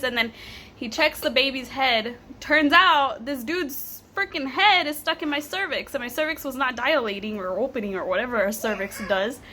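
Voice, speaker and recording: A young woman in her twenties telling a personal story to camera, animated and laughing, with casual swearing. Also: high-pitched, fairly quick, a little hiss or hum. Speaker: vlogger.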